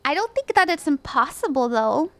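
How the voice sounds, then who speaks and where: With a high, slightly bright voice and a sing-song lilt, this woman keeps a moderate pace. Hosting a livestream, she offers casual tarot readings in an upbeat, chatty style, punctuated by laughs and plenty of "like" and "you know".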